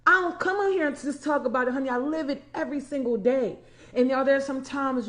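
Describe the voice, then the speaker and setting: Emphatic high-voiced woman coach in her forties. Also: a little fast, fairly bright tone. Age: 40s. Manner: emphatic, repeats key lines, addresses listeners as y'all and honey. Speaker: empowerment coach. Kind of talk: motivational livestream talk.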